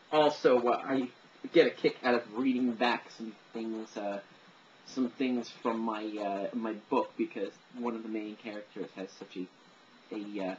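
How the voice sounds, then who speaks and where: An amateur voice impressionist rambles through a casual monologue about the voices he can imitate, full of fillers and self-deprecating asides. His voice is fairly low, and the recording is muffled with a bit of hiss or hum.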